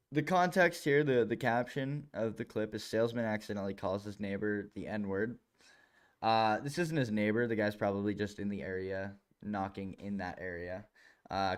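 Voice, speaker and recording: A young man commenting casually on a clip during a stream, swearing and laughing in exasperation. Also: lowish voice.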